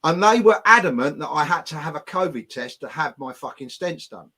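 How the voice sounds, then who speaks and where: A man's voice: fairly high pitch, expressive, a little fast, bright, forceful tone, husky. A man hosting a live stream, telling stories in blunt, defiant, heavily profane casual chat. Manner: blunt, heavy swearing, defiant.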